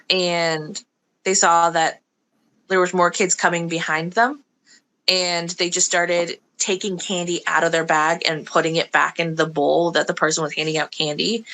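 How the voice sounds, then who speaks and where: A woman's voice: lowish voice, sharp tone, poor audio. A woman chatting casually on a podcast, earnestly praising a friend's child. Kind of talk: casual chat.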